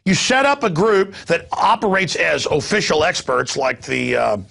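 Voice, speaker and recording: A man's voice: on the high side, sing-song, moderate pace, gravelly, fairly bright tone. A man from the United States hosting a talk show, ranting with sarcastic, mocking asides. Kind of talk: talk radio rant.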